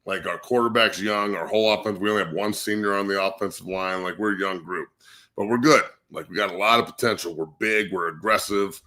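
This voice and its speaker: A man, a high school line coach appearing as a podcast guest, telling a crude, boisterous story full of swearing. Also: steady tone, a little fast, pushed and bright. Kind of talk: profane storytelling rant.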